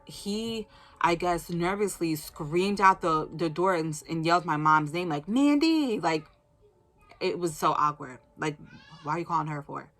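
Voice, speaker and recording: Low-voiced woman telling her testimony. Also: a bit bright. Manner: storytelling, acting out quotes, many "like"s. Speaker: person giving a testimony. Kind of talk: casual spoken testimony.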